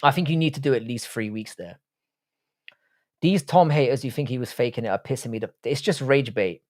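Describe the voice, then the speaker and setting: A young man with an Irish accent runs a casual livestream and answers his chat in a blunt, foul-mouthed way. He talks loosely and jokes back at viewers at a middling pitch. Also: brisk. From Republic of Ireland. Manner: profane, blunt, banters with chat. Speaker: livestream host reading chat.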